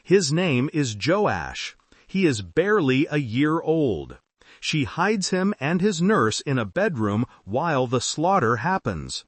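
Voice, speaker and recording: A man narrating a scripted Bible story in short, solemn, deliberate sentences. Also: a little high, sing-song, husky, no room sound.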